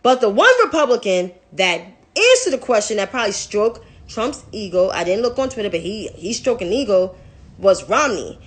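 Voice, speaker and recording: A woman's voice: medium pitch, big pitch swings, moderate pace. A young woman giving blunt, profane, exasperated commentary in a casual vlog. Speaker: political commentator.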